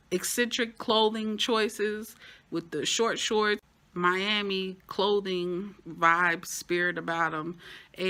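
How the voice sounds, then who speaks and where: This woman reviews TV in a relaxed recap, sounding bright, forceful, and full of energy. She drops playful side comments along the way, and excitement sends her voice jumping upward.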